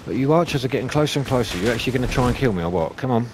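A man commentating his own gameplay, swearing and shouting at enemies as he plays. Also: mid-range voice, rapid-fire, background noise. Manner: sweary, excitable, talks to enemies. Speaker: gaming YouTuber. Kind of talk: let's play commentary. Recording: game music behind voice.

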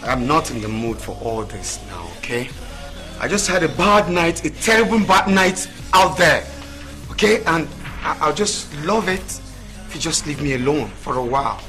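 A man's voice: medium pitch, lively intonation, moderate pace, over music, close to an everyday voice. A man playing a hot-tempered Nigerian boyfriend. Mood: irritated. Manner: shouting, dismissive. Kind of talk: film acting.

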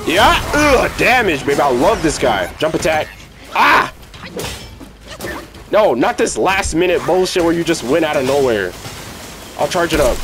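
A young man giving casual, excitable, slangy commentary while playing a video game. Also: on the high side, moderate pace, over music. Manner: excitable, yelling, slangy, hype. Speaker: gaming streamer.

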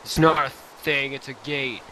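A man's voice: mid-range voice, steady tone, measured pace. A man playing along on a game server, making dry wisecracks in casual chat. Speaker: player on the server. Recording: hissy voice chat.

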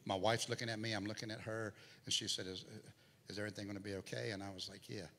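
A middle-aged guest preacher gives a sermon testimony in a church sanctuary, his low, level voice rising and falling as the story unfolds. He talks fast, with a gravelly yet bright and forceful tone. The recording carries hall reverb and faint noise.

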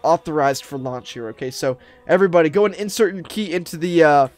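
Narrating a Roblox roleplay game for his audience, this YouTuber sounds upbeat and talkative, dropping plenty of filler words in an excited tone. He speaks at a quick pace with a fairly high pitch.

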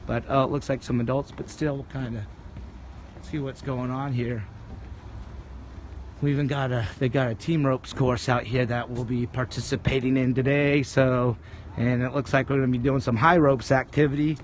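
A man's voice: medium pitch, slight background noise. A man livestreaming from his phone while walking around a tennis ranch outdoors, chatting casually and rambling in an upbeat way. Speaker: livestream vlogger. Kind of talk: casual walk-and-talk livestream.

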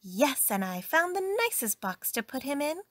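A woman's voice: sits high, big pitch swings, moderate pace, fairly bright tone, no echo, clean studio sound, pitched above the performer's own voice. A woman voicing a cheerful, literal-minded maid in a storybook reading, eager and innocent.

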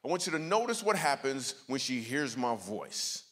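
The recording is very noisy and echoes like a church hall as a man of mid-range pitch speaks at normal speed. He's a guest speaker at a church, giving a comedic sermon full of funny stories and playful exchanges with the crowd.

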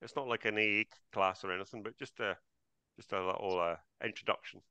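Bright-voiced man coaching an online class. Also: lowish voice, steady tone, fairly quick, clear, resonant tone, no room sound. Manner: chatty, greets attendees by name. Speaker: trading coach hosting the class.

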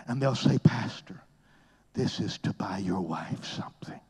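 A man preaching a sermon, swinging between hushed whispers and loud, high exclamations in a husky voice. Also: lively intonation, a little slow.

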